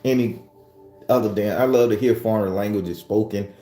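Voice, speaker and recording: A man's voice: lowish voice, moderate pace, mellow. A man hosting a morning prayer stream, talking loosely and profanely in a rambling, casual way straight to his viewers. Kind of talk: casual chat. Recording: echoey room with faint music.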